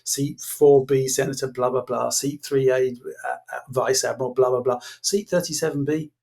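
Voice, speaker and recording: A man, a podcast guest, telling an animated story and acting out the dialogue, laughing as he goes. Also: medium pitch, moderate pace, gravelly. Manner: acts out quoted dialogue, laughs while telling. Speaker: guest, former innovation executive.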